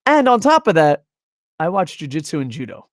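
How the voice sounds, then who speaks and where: A man's voice: fairly high pitch, sing-song, fairly quick, dry recording, clean studio sound. A young man casually reviewing wrestling on a live stream at a home desk microphone, rambling, swearing and reading chat messages aloud.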